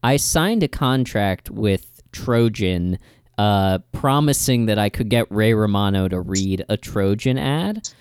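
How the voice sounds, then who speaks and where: A man co-hosting an improv comedy podcast, joking in a playful deadpan way. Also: fairly low pitch, clean tone. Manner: playful, quick deadpan jokes. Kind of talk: casual comedic banter.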